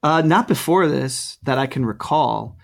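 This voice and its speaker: A man's voice: medium pitch, lively intonation, unhurried, gravelly. A middle-aged man co-hosting a podcast, talking casually and hesitantly with lots of ums and restarts. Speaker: podcast co-host. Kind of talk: casual chat.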